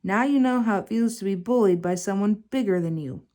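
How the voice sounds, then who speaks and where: A woman's voice: mid-range voice, a little fast, mellow, natural voice. A woman voicing a grumpy little crab grown into a bullying monster, jeering and shrieking.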